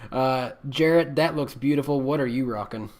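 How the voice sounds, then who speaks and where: A young man hosting a podcast, reading sponsor plugs in a hurried, stumbling way. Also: mid-range voice, darkish tone. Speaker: podcast host. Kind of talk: casual chat.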